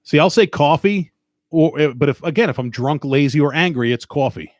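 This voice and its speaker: A man's voice: fairly high pitch, quick pace, no room sound. Stuffy-nosed Long Island man, dry sound. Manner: rambling, profane and joking. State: stuffed up nose. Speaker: podcast host. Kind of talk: casual chat.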